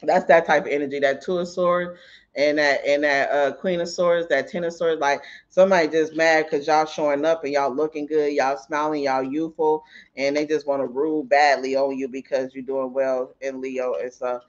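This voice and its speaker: A man's voice: a little high, little pitch movement, normal speed. Profane, chatty man reading tarot. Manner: profane and chatty, laughs often; tells anecdotes mid-reading. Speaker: tarot reader. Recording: dull lo-fi audio.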